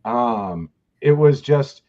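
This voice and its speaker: A man's voice: medium pitch, lively intonation, extremely slow, mellow. Joking, blunt man on dull audio. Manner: joking, blunt, swears freely. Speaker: podcast host. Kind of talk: casual chat.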